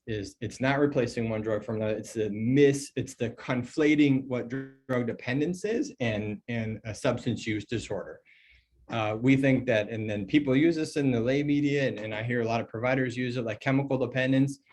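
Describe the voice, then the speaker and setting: A man's voice: mid-range voice, normal speed. A middle-aged man, an emergency physician and toxicologist, giving a recorded medical training lecture in a loose, conversational way with lots of fillers. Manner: conversational and animated, many fillers, mock dialogues in a put-on voice.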